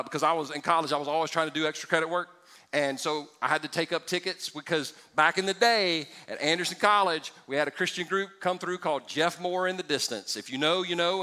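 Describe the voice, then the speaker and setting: A male pastor preaching to his congregation, playful and animated, swinging between loud punchlines and quiet, pointed asides. His voice sits a little high for a man and rings bright and forceful. It carries through a large church sanctuary with a long reverb tail. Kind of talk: sermon.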